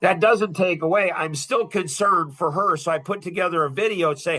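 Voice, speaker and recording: A man's voice: high voice, moderate pace, hardly any pauses, sharp tone. A middle-aged man hosting a podcast in casual talk, blunt and rambling, often repeating himself. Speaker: podcast host.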